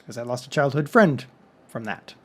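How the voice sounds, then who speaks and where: A man's voice: medium pitch, animated, moderate pace, a bit bright. A man from Texas talking casually to his viewers in a rambling monologue full of joking asides. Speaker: vlog host.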